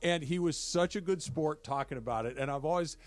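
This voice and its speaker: Sports radio co-host, man, fairly high voice, animated banter. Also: fairly quick. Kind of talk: casual sports talk.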